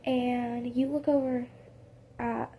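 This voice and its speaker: A woman's voice: fairly high pitch, little pitch movement, takes it slowly, mellow, slight background noise. A woman improvising a casual second-person story, rambling with many fillers and corrections of herself.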